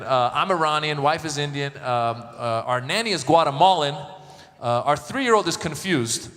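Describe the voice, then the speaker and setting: Bright high-voiced male stand-up comic. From Iran. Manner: animated, joking with the crowd, acting out voices. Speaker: stand-up comedian. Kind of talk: stand-up comedy set. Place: large event hall with a live audience. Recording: echoey live hall, crowd.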